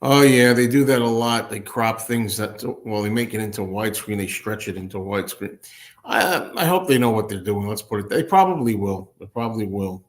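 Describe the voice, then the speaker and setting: A man's voice: fairly low pitch, lively intonation, fairly quick. A man hosting a casual solo livestream. He answers viewer comments indoors at a table with a laptop, rambling, thinking aloud and laughing often. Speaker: host.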